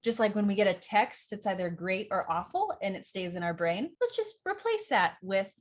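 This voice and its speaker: Young woman, acting teacher, upbeat tutorial, chatty and animated. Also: medium pitch, normal speed. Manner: chatty and animated, laughs often. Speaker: acting teacher and channel host. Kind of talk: upbeat tutorial talk to camera.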